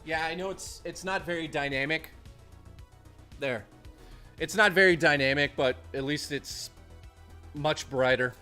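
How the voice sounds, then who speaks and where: A man's voice: fairly high pitch, measured pace, pauses often, pushed and bright. Chatty streamer man, faint music. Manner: rambling, chatty, reads chat aloud. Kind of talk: casual live-stream chat.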